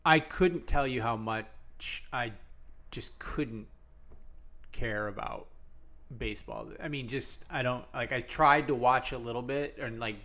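A laid-back man co-hosting a casual sports podcast. He rambles with plenty of fillers and restarts, at an ordinary middle pitch. His delivery is easygoing and conversational. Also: a little slow, a bit bright. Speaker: podcast co-host.

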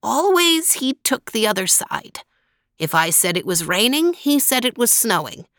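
A woman voicing a very old, toothless woman who lives in the woods, with a raspy, higher voice. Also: big pitch swings, unhurried, a bit bright, dry recording, clean studio sound, heavily acted. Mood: exasperated.

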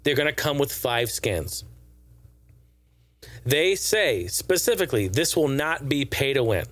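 A man rambles through gaming news in a profane, sarcastic way. His voice sits at a middle pitch and sounds dry and close, with no room echo. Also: very animated, unhurried, fairly bright tone. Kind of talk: casual gaming news commentary.

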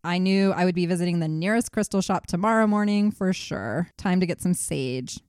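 Low, mellow-voiced woman reading a ghost story. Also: brisk, smooth, no echo, studio quality. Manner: laughs often, swears casually, jokes mid-story. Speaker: podcast co-host reading a listener story. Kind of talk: reading a listener's ghost story aloud with casual chat.

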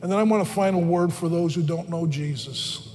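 A man preaching a sermon as a pastor, earnest and pressing, climbing higher and louder on the points he stresses. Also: a little fast. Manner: earnest, rising in pitch and force for emphasis. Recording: long hall reverb, faint music.

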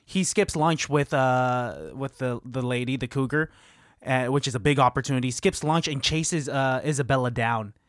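A man co-hosting a casual podcast, excitedly retelling movie scenes and his own trips. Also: mid-range voice, moderate pace, no room sound, studio quality. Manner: excitable, animated retelling with laughs. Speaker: podcast co-host. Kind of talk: casual chat about a movie.

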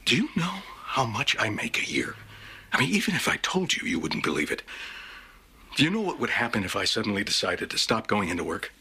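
Walt is a middle-aged teacher turned criminal, snarling cold threats in a low, raspy voice. His pitch swings wide as he presses every word, and the tone stays hard and cutting. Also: very animated, brisk, bright, forceful tone, full character voice. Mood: menacing.

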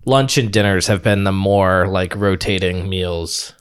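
A man's voice: low voice, steady tone, a little slow, clean tone. A man co-hosting a podcast, griping and swearing in casual chat, laughing at himself. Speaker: podcast co-host.

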